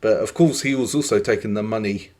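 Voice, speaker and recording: Rambling low-voiced podcast host. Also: male voice, fast, a little mellow. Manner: opinionated, rambling, lots of fillers. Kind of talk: casual chat.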